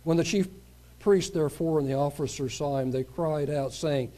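A man preaching a sermon, reading scripture verse by verse and pausing to comment on it. His voice sits a little high but sounds soft and mellow. He keeps a plain, unhurried reading manner throughout. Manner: reads a passage aloud and breaks off to comment on it.

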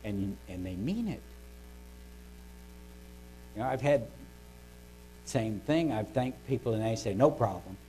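An older man giving a devotional talk. He speaks in a conversational, folksy way and often clears his throat. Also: fairly low pitch, lively intonation, slow pace, long pauses, dark tone, a little hiss or hum, poor audio.

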